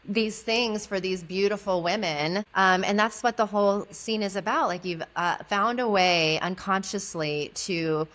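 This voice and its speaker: A woman's voice: mid-range voice, unhurried, hardly any pauses. A woman guest, an intimacy educator, telling a story in conversation and acting out the dialogue in it. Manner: animated, acts out quoted dialogue.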